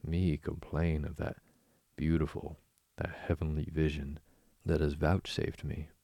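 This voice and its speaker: A man's voice: extremely low pitch, little pitch movement, measured pace, creaky, warm tone, dry recording, studio quality, exaggerated voice. A man voicing a boastful, giddy male toad who murmurs in a dreamy, rapturous way.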